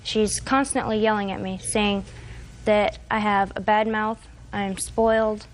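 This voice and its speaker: A woman's voice: medium pitch, fairly even intonation, unhurried, slight background noise. A woman in her twenties testifying as a defendant in a TV courtroom, telling a long, hesitant, rambling account. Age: 20s.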